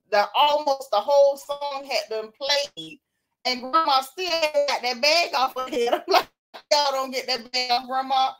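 A woman hosting a casual chat, reading out comments from viewers and laughing often. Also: a little high. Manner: animated, laughing, Southern-style slang. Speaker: host.

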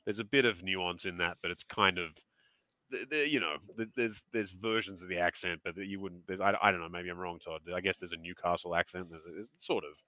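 Australian man, co-host, casual chat, animated, low voice, dry close sound. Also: a little fast, dry recording. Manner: animated, jumps into playful accent impressions.

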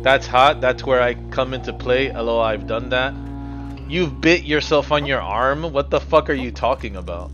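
A man's voice: mid-range voice, moderate pace, fairly bright tone, highs cut off, soft background music. A man live-streaming a game, commenting casually, frustrated and swearing as he mutters to himself.

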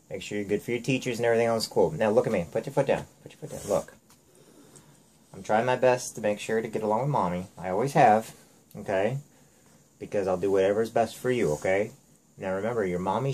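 A man's voice: on the low side, a little mellow, slight background noise, rough recording. A father talking earnestly with his young daughter at home, firm and lecturing, often checking in with "okay?".

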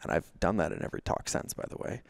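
A man's voice: quick pace, no room sound, studio quality. A man talking candidly as a podcast guest, emphatic and confessional, full of "like" fillers and acted-out quotes. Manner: frequent "like" fillers. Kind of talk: candid conversational storytelling.

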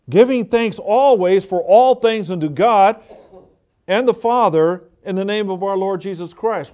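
A man's voice: high-pitched, animated, unhurried, a little mellow, clean tone. A male pastor delivering a sermon in a fervent, conversational way, repeating key points for emphasis.

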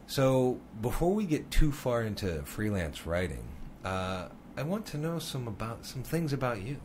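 A man's voice: mid-range voice, very animated, moderate pace, a little mellow, a little hiss or hum. A man from northern Minnesota hosting a podcast, chatting casually and teasing his guest. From northern Minnesota, USA. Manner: jokey, teasing. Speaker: podcast host. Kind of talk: casual interview chat.

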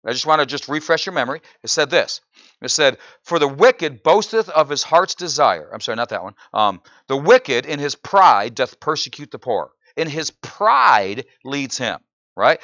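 A pastor preaching a sermon in church, often asking the congregation "right?" and building to loud, incredulous exclamations. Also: male voice, mid-range voice, a little slow, no room sound, muffled recording. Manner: animated preaching, frequent "right?" asides to the congregation.

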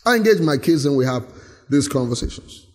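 A man preaching a sermon as pastor, animated and laughing often as he acts out little scenes. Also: a little high, fairly quick, big-room sound. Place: church hall.

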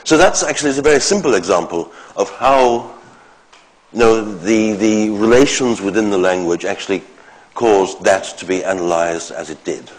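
A man giving an academic lecture, explaining step by step in short phrases with pauses. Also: fairly low pitch, low-quality recording.

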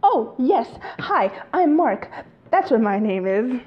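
A woman's voice: a little high, sing-song, slow pace, muffled recording. A woman voicing a cheerful, overly friendly clean-cut dad who lives next door. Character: cheerful clean-cut dad neighbor, male, middle-aged.

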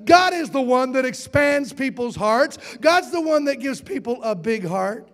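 High-voiced preacher in a reverberant hall. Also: male voice, animated, measured pace. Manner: folksy, playful, rhetorical questions to the congregation. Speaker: pastor. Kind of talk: sermon.

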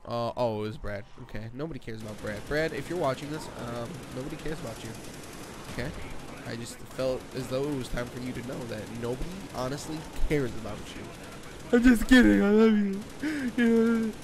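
A young man in his late teens doing rambling, jokey gameplay commentary from his bedroom, excitable and prone to sudden screams. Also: mid-range voice, a little fast, background noise. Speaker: gaming channel host. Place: own bedroom.

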